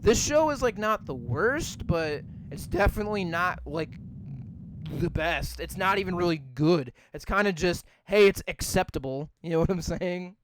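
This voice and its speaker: A young man with a high, clear voice rambles through a podcast chat, swearing freely and packing his talk with "like." The sound is dry and close to the mic. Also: animated, normal speed, a bit bright, dry recording. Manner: rambling, swears a lot, many "like" fillers. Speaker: podcast co-host. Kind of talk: casual profane chat.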